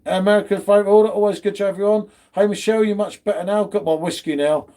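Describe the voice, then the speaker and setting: A man's voice: sits high, steady tone, quick pace, mellow. A man hosting a casual live beer stream from home, bantering, swearing and greeting viewers in chat. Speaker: beer channel host.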